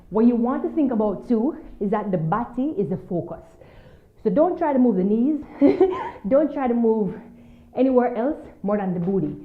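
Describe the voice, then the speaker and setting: A woman teaching a dance move, coaching and counting beats as she dances, a little out of breath. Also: medium pitch. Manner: upbeat, coaching, counts beats while dancing; slightly out of breath from dancing. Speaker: dance instructor. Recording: tinny, phone-like sound in an echoey room.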